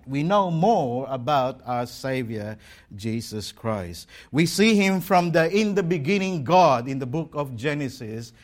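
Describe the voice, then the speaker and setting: Slow, emphatic preaching man. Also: fairly high pitch. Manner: slow, emphatic preaching with drawn-out words and dropping line ends. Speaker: pastor. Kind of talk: sermon. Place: church service streamed online.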